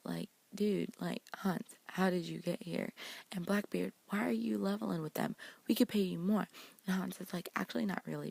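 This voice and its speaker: A woman with a heavily gravelly, husky voice rattles through a TV episode recap in loose, slangy talk. Her voice sits a little low and sounds dry and close. She paraphrases each character's lines in quick, animated retelling. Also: no echo. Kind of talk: casual recap vlog.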